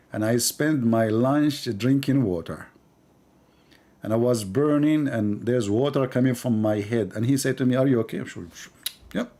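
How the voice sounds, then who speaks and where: A man hosting a live stream, talking in a mocking, animated way with sudden drops to a mutter. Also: medium pitch.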